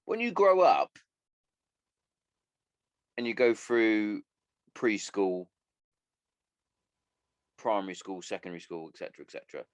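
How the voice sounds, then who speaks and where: A man's voice: low-pitched, a little slow, long pauses, no echo. A man hosting a solo podcast, ranting bluntly and swearing a lot. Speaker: podcast host.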